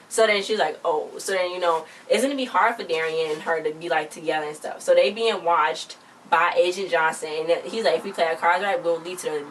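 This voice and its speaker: A young woman casually recapping a TV episode, chatty and animated, acting out the characters' lines and adding her own reactions. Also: fairly low pitch. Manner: chatty, animated retelling with quoted lines and asides. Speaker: TV episode reviewer. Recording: distant mic with faint background noise.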